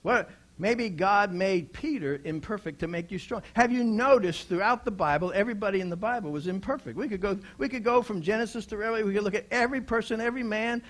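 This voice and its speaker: A man preaching a sermon, asking the congregation rhetorical questions and swinging from hushed lines to loud exclamations. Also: high-pitched, a little fast.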